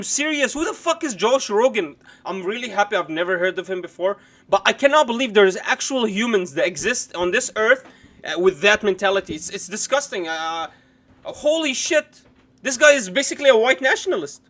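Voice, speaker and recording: A man's voice: high voice, pushed and bright. A man live-streaming his reaction to a news clip, ranting indignantly and swearing often.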